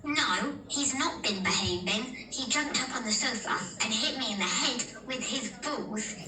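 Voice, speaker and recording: A man voicing a cheeky, foul-mouthed twelve-year-old girl with an Irish accent, in a high squeaky falsetto, complaining in a drawn-out, indignant way. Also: distant mic. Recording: echoey live room from afar, noisy.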